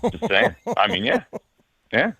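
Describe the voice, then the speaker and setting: A man's voice: sits high, wildly swooping pitch, a little slow, vocal fry, bright, forceful tone, husky, no room sound. A man speaking as a sports reporter guest on a radio show, joking and hesitant with lots of fillers, over a remote line. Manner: hesitant, ribbing, filler-heavy. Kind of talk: casual radio interview. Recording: dull dry remote line.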